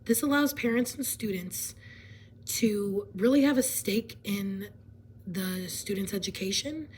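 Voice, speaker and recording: A woman hoarse from laryngitis, partly whispering as she explains a presentation in a casual way, with fillers and frequent throat clearing. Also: mid-range voice, darkish tone, a little hiss or hum, low-quality recording.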